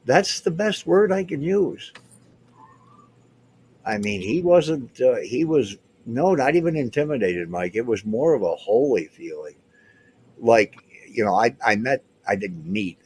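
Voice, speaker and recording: This guest is a man in his seventies who recounts bygone events in a loose, rambling way during a relaxed conversation, often starting sentences over. His voice is on the low side and a little mellow, with slight background noise in the recording.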